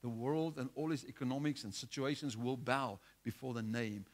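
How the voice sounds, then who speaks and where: A man's voice: mid-range voice, fairly even intonation, normal speed. A man preaching a sermon, exhorting his listeners with repetition and restarts.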